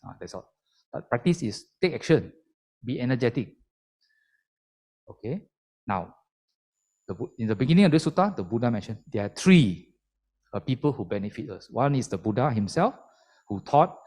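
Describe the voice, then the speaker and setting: A man's voice: mid-range voice, darkish tone. A man giving a Buddhist sermon as a lay speaker, emphatic and explaining step by step.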